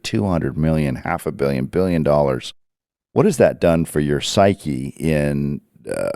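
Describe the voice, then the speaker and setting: A man hosting a podcast, asking questions haltingly with many pauses and restarts. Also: rumbling low, darkish tone, no echo, studio quality. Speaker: podcast host. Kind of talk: interview questions.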